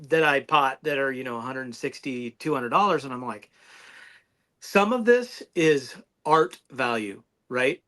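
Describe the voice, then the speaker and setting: Bright, lively man talking knives. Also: fairly high pitch. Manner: rambling, restarts mid-sentence. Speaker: knife reviewer guest. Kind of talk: casual podcast chat.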